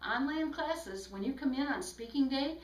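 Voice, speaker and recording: A woman's voice: high voice, lively intonation, normal speed, recorded from a distance. A woman speech instructor giving a recorded lecture, explaining tips and demonstrating examples aloud. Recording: echoey room, voice from off-mic.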